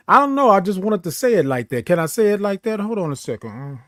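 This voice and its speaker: A man's voice: sits high, big pitch swings, dry recording. A man hosting a morning live stream from his home studio, chatting casually, greeting viewers by name and stretching out his greetings. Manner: exuberant, drawn-out sung greetings. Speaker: host of a morning live show. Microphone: studio microphone.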